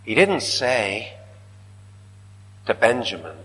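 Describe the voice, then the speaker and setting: A man preaching a sermon, swinging dramatically from loud declaiming to hushed whispers. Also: lowish voice, very animated, takes it slowly. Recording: reverberant hall.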